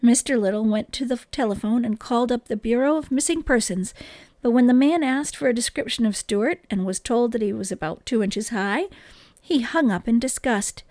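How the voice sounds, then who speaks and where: A woman reading a children's book aloud in an expressive, gentle storytelling manner, close to the microphone. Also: a little high, normal speed, dry recording.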